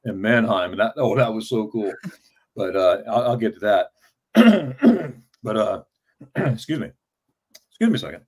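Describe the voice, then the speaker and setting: Stammering man, fifties, lowish voice. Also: sing-song, unhurried, long pauses, a little mellow, slightly rough. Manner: stammering, repeats words, many fillers. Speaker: travel vlogger telling his story as an interview guest. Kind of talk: casual storytelling in an interview.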